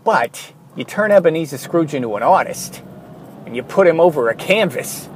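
A man's voice: fairly high pitch, animated, moderate pace, a little hiss or hum, rough recording. A man hosting a solo podcast, ranting in a worked-up way, often interrupting himself and apologizing. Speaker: podcast host.

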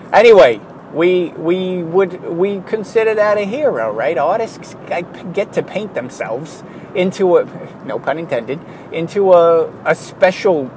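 A man's voice: a little high, rough recording. Worked-up man ranting over background hum. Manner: worked-up, ranting, self-interrupting. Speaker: podcast host. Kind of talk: solo podcast monologue.

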